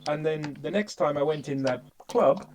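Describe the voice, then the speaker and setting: A man's voice: fairly high pitch, normal speed, darkish tone. An upbeat man in his thirties with an Essex accent, chatting casually before an online game session and telling stories. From England. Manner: upbeat, storytelling, does voices. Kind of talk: casual pre-game chat.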